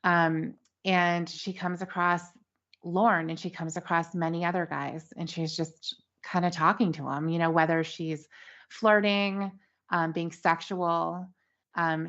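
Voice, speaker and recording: A woman's voice: on the low side, level tone, slow, fairly bright tone. A woman co-hosting a casual podcast, thoughtfully speculating with many fillers. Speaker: podcast co-host. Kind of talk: casual chat. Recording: dull lo-fi sound.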